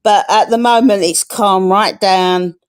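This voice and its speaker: Brief: middle-aged woman, casual live-stream chat, frank and chatty, swears freely, mid-pitched. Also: fairly even intonation, measured pace, smooth. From England.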